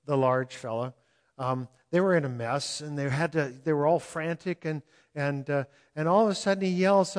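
An older man preaching a sermon in a conversational way, chuckling often and animated as he speaks. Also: on the high side, normal speed. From California. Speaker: pastor.

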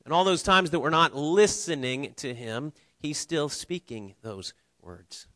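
Earnest man preaching, slightly high voice. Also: animated, a little slow, pushed and bright, dry recording. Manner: earnest, conversational preaching with restarts and light humor. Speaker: pastor. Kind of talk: sermon. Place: church sanctuary.

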